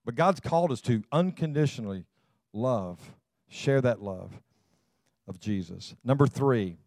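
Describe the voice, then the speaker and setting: A pastor preaches an emphatic, rousing sermon, repeatedly calling out to his congregation and repeating words as he builds each point. His mid-range voice has lively intonation and a darkish tone, a little slow, recorded close and dry with no echo and almost no room sound.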